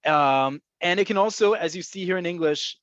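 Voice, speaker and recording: A man's voice: sits high, normal speed, fairly bright tone, dry recording. A man teaching a Hebrew vocabulary lesson over a video call, explaining words in a chatty way with frequent ums. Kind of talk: online language lesson. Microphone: video call microphone. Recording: slightly dull lo-fi call audio.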